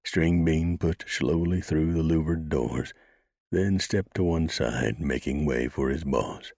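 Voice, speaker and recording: A man reads a western novel in a very deep, gravelly voice with a husky grain. His measured narration is recorded dry and close to the mic. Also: darkish tone, no room sound. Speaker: audiobook narrator.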